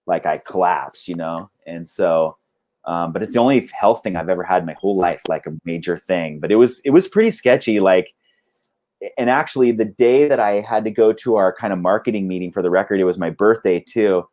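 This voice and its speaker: A man's voice: deep voice, a little fast, a little mellow. A man who plays in a band, chatting casually over a video call, rambling with lots of "like" and "dude". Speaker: band member guest.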